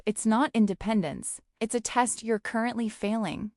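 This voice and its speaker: A woman's voice: on the high side, fairly even intonation, normal speed, darkish tone, dry recording. Woman narrator, playful and teasing, scripted comic storytelling, dry close sound.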